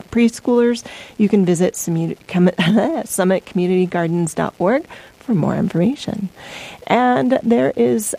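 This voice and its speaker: A woman's voice: medium pitch, dark tone, rough recording. A woman radio host reading local community announcements in a casual way, with fillers and small stumbles. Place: radio studio. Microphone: studio microphone.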